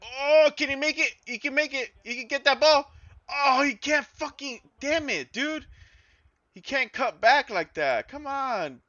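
A man commentating his own football video game as he plays, excitable and swearing, yelling at his players and groaning at their mistakes. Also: very high voice, measured pace, dry recording, muffled recording. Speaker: gaming YouTuber. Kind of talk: live gameplay commentary.

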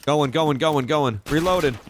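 A young man casually commenting as he plays a video game, excitable and profane, reacting out loud to the action. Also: fairly high pitch, normal speed, noisy background. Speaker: gaming channel host. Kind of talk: casual let's-play commentary.

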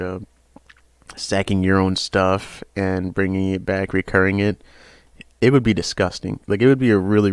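A fairly low-pitched young man talks through trading cards in a loose, rambling way, often stopping on "uh" and then breaking into excited emphasis. The sound is dry and close, with no room around it. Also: dry recording. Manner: rambling, chatty, hesitant with frequent uhs. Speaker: card game channel host. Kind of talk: casual card review.

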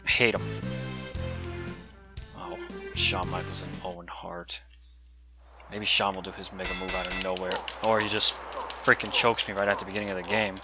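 A young man giving casual gameplay commentary, excitable and swearing as he yells at the game. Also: lowish voice. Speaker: gamer.

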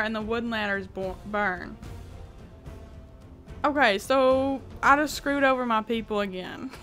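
High bright girl reading a text game out loud, laughs a lot, swears when stuff goes wrong. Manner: laughs often, swears and exclaims in disbelief. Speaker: gaming YouTuber. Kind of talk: reading a text adventure aloud and reacting.

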